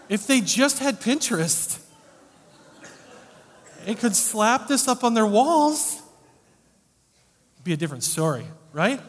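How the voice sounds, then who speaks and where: A man delivers a sermon in a relaxed, conversational way, with wry asides. His voice sits slightly high, and he swings between punchy loud emphasis and quiet, dropped-off remarks. Long reverb trails every line. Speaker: preacher.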